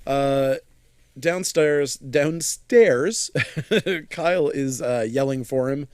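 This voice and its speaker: A man co-hosts a podcast and walks through a movie's plot in a casual, rambling way. He laughs often and lets thoughts trail off. His voice sits at an ordinary middle pitch, recorded close and dry. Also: slow pace, darkish tone, clean tone, dry recording. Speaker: podcast co-host. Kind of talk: casual movie recap chat.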